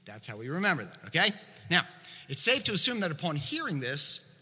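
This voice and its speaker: Man, preacher, sermon, lively pitch, very bright voice, long hall reverb. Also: a little fast, breathy edge. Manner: conversational, explaining with asides.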